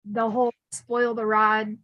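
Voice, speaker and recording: Middle-aged woman chatting about her childhood, fairly high voice, lots of fillers, dry close sound. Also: little pitch movement, measured pace, no echo, dull audio. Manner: chatty, laughing, many fillers and restarts. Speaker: podcast host telling her life story. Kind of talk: casual storytelling chat.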